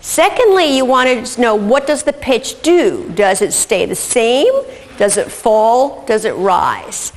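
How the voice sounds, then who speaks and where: Woman lecturing in a reverberant hall. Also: a little high. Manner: methodical, often checks in with "okay". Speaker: instructor. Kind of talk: recorded lecture.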